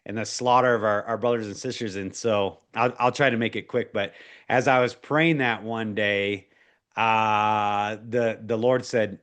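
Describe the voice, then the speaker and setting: A man's voice: lowish voice, a little slow, fairly bright tone. A man in his forties, a guest in an interview, telling a personal faith story in an earnest, emotional way, full of restarts and fillers.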